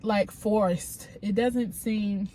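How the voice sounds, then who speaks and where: A woman's voice: medium pitch, fairly even intonation, extremely slow, mellow, slight background noise. A woman with a cold, congested, giving a chatty, frank recap of a reality show and talking straight to her viewers. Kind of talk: casual recap commentary.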